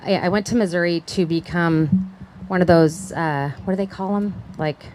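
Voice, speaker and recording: A woman's voice: on the low side, fairly even intonation, normal speed, darkish tone, slight background noise, rough recording. A middle-aged woman giving a personal testimony talk, chatty, acting out the voices of people she quotes and often checking in with "right?". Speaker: conference speaker.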